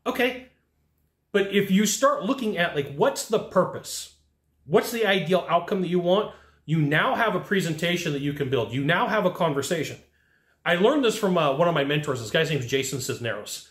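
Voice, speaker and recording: An energetic man hosting a casual sales lesson, talking straight to viewers and acting out short dialogues. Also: a little high, echoey room. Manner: energetic and amped up; conversational, acting out quick dialogues. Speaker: sales trainer and channel host.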